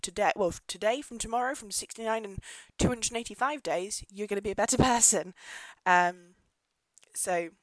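Woman podcast host, mid pitch, pregnant, rants with laughs and the odd swear, close dry mic. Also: normal speed, no room sound, low-quality recording. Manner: ranting, laughs often, swears. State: pregnant, pulling away from mic. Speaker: podcast host, pub landlady. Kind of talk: casual solo podcast monologue. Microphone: podcast microphone, dry close sound.

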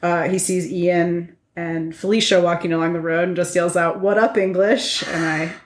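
A woman's voice: lowish voice, flat delivery, moderate pace. Chatty woman co-host, roomy sound. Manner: chatty, laughs while talking. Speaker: podcast co-host. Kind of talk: casual chat. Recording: roomy echo.

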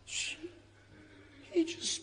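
A man's voice: extremely slow, sharp tone. A man voicing a very old woman with a thick accent, blunt and affectionate, who calls people "baby". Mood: matter-of-fact. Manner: calls everyone "baby", plain and matter-of-fact. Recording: long hall reverb, faint crowd ambience.

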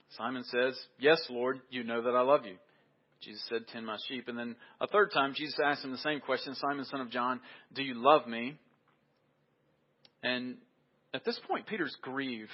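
Husky, emphatic male preacher, lo-fi. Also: mid-range voice. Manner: emphatic, repeats key phrases. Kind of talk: sermon.

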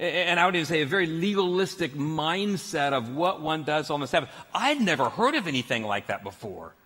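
A man's voice: on the high side, in a large hall. A man preaching a sermon as pastor, telling stories with laughs. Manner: storytelling, animated with laughs.

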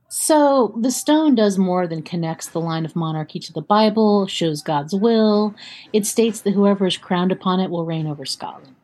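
A woman's voice: lowish voice, lively intonation, unhurried, warm tone. A woman co-hosting a casual podcast, telling a history story in a chatty way, often laughing. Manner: chatty, laughs often, reads quotes aloud. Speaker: podcast co-host.

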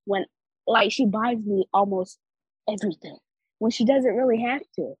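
A woman's voice: medium pitch, moderate pace, breathy edge, dry recording, poor audio. A teenage girl with braces co-hosting a student podcast, upbeat and earnest. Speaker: podcast co-host. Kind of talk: casual chat.

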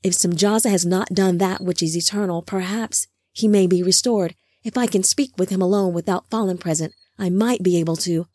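Storybook male angel, earnest and urgent; a woman reads him, lowish voice, dry recording. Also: a little fast, hardly any pauses, a little mellow, dry recording, natural voice. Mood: worried.

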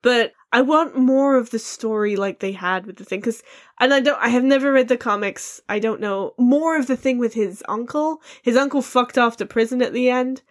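A woman's voice: on the high side, normal speed. A woman co-hosting a video game podcast in casual chat, frank and swearing freely. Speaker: podcast co-host.

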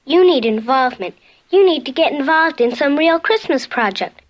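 Brief: a bossy young cartoon girl, high and lecturing, old dull soundtrack with music behind. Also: expressive. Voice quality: brisk, know-it-all.

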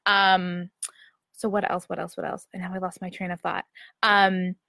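A woman's voice: fairly low pitch, little pitch movement, normal speed, vocal fry, sharp tone, no echo. A young adult woman hosting a casual livestream, speaking in a chatty way with many fillers and frequent "right?" checks to her viewers. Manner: chatty, filler-heavy, often asks "right?". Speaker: livestream host answering viewers. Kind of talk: casual motivational chat.

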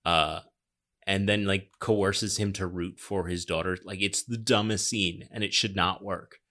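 A man's voice: sits low, steady tone, measured pace, sharp tone. A young man co-hosting a casual film review podcast, sarcastic, swearing and laughing often. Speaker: podcast co-host. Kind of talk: casual movie review chat.

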